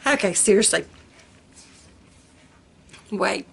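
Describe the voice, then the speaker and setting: An older woman talks to her viewers in a slow, easy drawl. Her voice is bright and swoops up and down as she giggles through her homey stories. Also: a little high, expressive. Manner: giggly, folksy, laughs often at her own jokes. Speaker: vlogger. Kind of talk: casual chat to camera.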